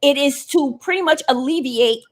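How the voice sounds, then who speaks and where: A woman's voice: sits high, moderate pace. A woman in a casual panel chat, insistently stressing what she calls facts.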